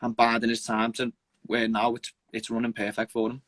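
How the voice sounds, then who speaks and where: A young man, an amateur fighter, talking earnestly in a casual interview with halting restarts and casual swearing. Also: medium pitch, completely flat delivery, fairly bright tone, no echo. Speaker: amateur MMA fighter, guest.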